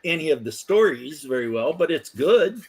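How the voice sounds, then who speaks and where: A man's voice: a little high, big pitch swings, normal speed, slightly rough. A man hosting a casual online chat, rambling and laughing often, on a desk microphone. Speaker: host.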